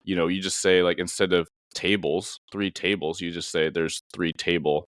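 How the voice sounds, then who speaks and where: A man's voice: sits low, level tone, normal speed, a bit bright, dry recording, studio quality. A man hosting a casual interview conversation, a police officer, thoughtful and rambling with many fillers. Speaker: podcast host and police officer.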